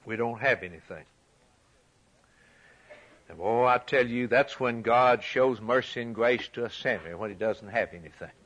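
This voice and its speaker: A man preaching a sermon, emphatic and repetitive, rising loud for scripture and dropping quiet for key points. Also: medium pitch, normal speed, hardly any pauses, dull audio. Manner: emphatic, repeats phrases, swings from loud to quiet; reads scripture aloud in a raised voice.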